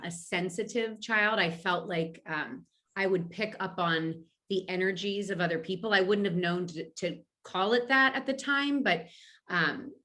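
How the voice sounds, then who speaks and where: Bright-voiced chatty middle-aged woman. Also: medium pitch. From Philadelphia. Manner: chatty, lots of fillers and restarts. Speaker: guest medium and intuitive. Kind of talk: casual interview answers.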